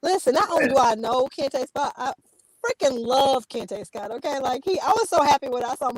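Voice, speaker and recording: Lively high-voiced woman calling in from her car. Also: fairly quick, rough recording. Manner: laughs often, playful. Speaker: comedian guest. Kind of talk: casual chat over a video call. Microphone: headset.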